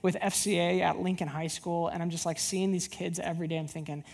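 A woman preaching a sermon as a youth pastor, with a husky, slightly breathy voice. She tells her stories with animation and slips into the voices of the people in them. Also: fairly low pitch, brisk. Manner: animated storyteller who acts out dialogue. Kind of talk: sermon with personal storytelling.

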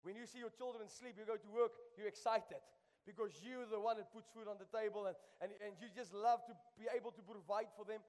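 A man's voice: sits high, steady tone, a little fast, darkish tone. A man preaching a sermon, emphatic and calling on the congregation to repeat after him. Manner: emphatic, call-and-response, repeats lines for the crowd. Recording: long reverb of a large hall.

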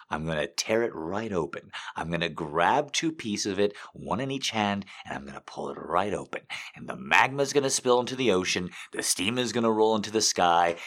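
A deep-voiced man chatting casually with his audience, swearing freely and poking fun at himself. His voice swings widely in pitch as he jokes and builds into mock rants. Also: expressive, moderate pace, a bit bright. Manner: profane, rambling, self-mocking with sudden mock outbursts. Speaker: streamer host. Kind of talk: casual chat.

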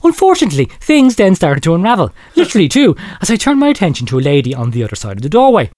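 A man's voice: sits high, wildly swooping pitch, very fast, darkish tone, dry recording, studio quality. A man hosting a comedy radio show, reading out a listener letter theatrically and laughing along. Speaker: radio host. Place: studio.

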